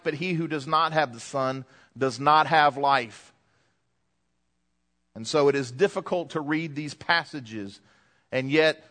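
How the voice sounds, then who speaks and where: A man delivering a sermon in a church with a long, echoing reverb. His voice sits a little high and sounds bright and forceful. He drops to hushed lows, then rises to loud, emphatic peaks. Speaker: pastor. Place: church hall. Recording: echoey church hall.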